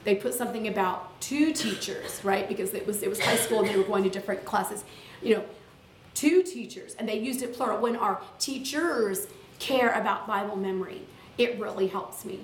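A woman teacher leading a workshop for other teachers, lively and chatty with teacherly asides, speaking live to a room of listeners. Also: mid-range voice, normal speed, slight background noise. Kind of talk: live classroom-style workshop talk. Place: room with audience. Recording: echoey room, far from the mic.

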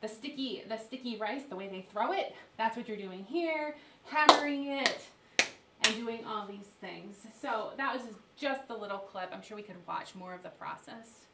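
A woman's voice: on the high side, moderate pace. A woman teaching a workshop group, chanting rhythmic phrases and showing the motions. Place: classroom with participants. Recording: echoey room, mic from far off, loud noise.

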